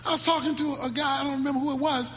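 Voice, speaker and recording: A man preaching a sermon with speech, swinging between sudden shouts and slow, drawn-out phrases. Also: very high voice, little pitch movement. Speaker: pastor. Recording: echoey hall with faint music.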